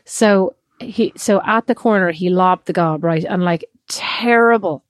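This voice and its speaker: Animated Irish woman telling a story. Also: fairly low pitch, measured pace, no room sound, clean studio sound. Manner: animated storyteller, many quoted asides. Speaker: podcast co-host. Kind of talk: casual chat, storytelling.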